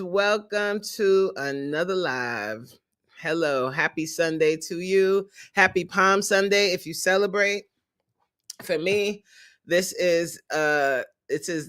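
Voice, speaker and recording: A fitness coach with a mid-range voice hosts a casual livestream, animated and openly emotional. She laughs often and greets viewers in the chat by name.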